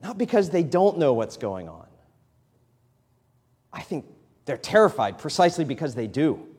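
A man's voice: fairly high pitch, big pitch swings, normal speed, darkish tone, breathy edge. A man in his thirties preaching a sermon in a conversational way, building to emphatic, rising lines. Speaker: pastor. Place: church sanctuary. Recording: long hall reverb in church.

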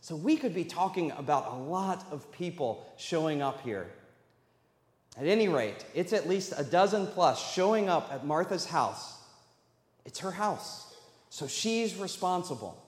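A man's voice: a little high, very animated, measured pace. A man preaching a sermon as pastor, talking in a conversational way and putting questions to the congregation. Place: church sanctuary. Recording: echoey hall, long reverb.

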